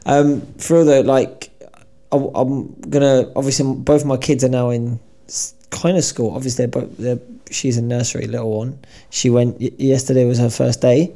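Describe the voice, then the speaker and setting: A man co-hosting a podcast, telling lively anecdotes in casual banter and acting out other people's voices. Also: mid-range voice, normal speed, creaky. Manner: animated storyteller, acts out voices in anecdotes. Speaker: podcast co-host. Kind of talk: casual chat.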